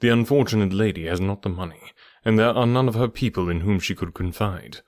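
A man reading the part of a calm, cool-headed middle-aged detective in an audiobook, speaking in a measured, dryly assured, hushed way. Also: lowish voice, no room sound, studio quality, close to an everyday voice. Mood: reasoning calmly.

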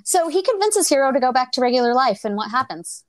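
A woman's voice: high-pitched, sing-song, fast talker, no room sound. A woman co-hosting a podcast in a casual book chat, laughing often and swearing freely. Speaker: podcast co-host.

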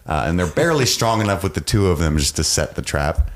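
Brief: low-voiced man, lively joking podcast co-host. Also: fast. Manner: animated, joking, acts out scenes. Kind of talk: casual recap chat.

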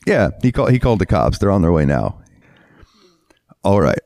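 Low-voiced profane storytelling man. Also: very animated, normal speed, gravelly, a little mellow, dry recording, clean studio sound. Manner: profane, heated storyteller acting out quotes. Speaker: podcast co-host. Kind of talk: casual storytelling chat.

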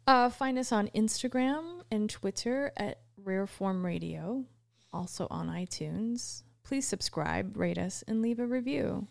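A woman's voice: mid-range voice, lively intonation, a little slow, creaky. A woman co-hosting a podcast in casual chat, giggly and self-deprecating. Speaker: podcast co-host.

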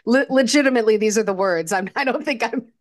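A woman's voice: a little high, quick pace. A woman chatting casually on a podcast about a classic film. She rambles with fillers and restarts and laughs often. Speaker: podcast co-host.

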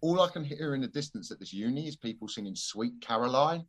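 A man's voice: medium pitch, animated, fast talker. A man, a stand-up comedian telling a gig story in casual podcast chat, swearing freely and laughing often.

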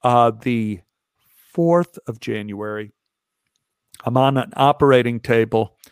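A man's voice: slow, smooth, dry recording. A middle-aged man tells a personal story with wry, self-mocking humor. His voice sits mid-range but swings wide as he acts out what others said. The sound is dry, with no room in it. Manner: animated, acts out other people's lines with big jumps in pitch.

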